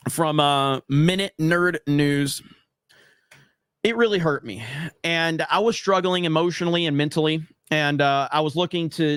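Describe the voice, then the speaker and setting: Young male streamer; sarcastic, rambling, filler-heavy; slightly high, dry close sound. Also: a bit bright, dry recording. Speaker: livestream host. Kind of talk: casual livestream commentary.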